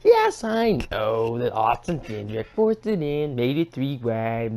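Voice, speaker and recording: A woman's voice: wildly swooping pitch, slow, darkish tone. A woman co-hosting a casual racing podcast, sarcastic and profane as she rants. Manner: sarcastic, profane, swinging from high to low. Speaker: podcast co-host. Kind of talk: casual sports podcast rant.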